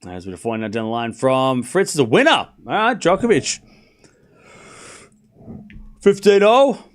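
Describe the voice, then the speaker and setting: Man, mid pitch, very lively delivery. Streamer calling tennis live and bantering with chat in fake outrage. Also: fairly quick. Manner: playful mock outrage while reading viewer messages.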